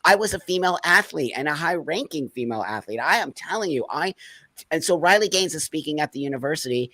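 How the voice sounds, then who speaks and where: A man's voice: fairly high pitch, lively intonation, fast, pushed and bright, dry recording. A man speaking as an interview guest, blunt and passionate, sometimes close to tears. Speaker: guest activist. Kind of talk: emotional interview talk.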